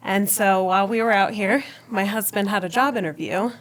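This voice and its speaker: On a podcast, a woman guest shares her personal faith story conversationally. Her medium-pitched voice moves a little fast, and she's a lively storyteller who laughs a lot and acts out what she said back then.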